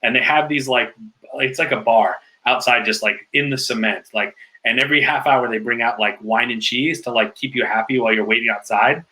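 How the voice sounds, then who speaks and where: A man telling stories in a casual podcast interview, in an animated way with lots of filler likes. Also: medium pitch, fairly quick, rough recording. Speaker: guest.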